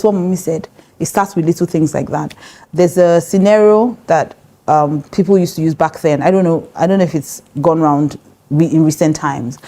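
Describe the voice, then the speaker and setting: A woman's voice: low-pitched, warm tone. A middle-aged woman pastor with a Nigerian English accent giving a conversational marriage teaching, direct and emphatic, laughing often.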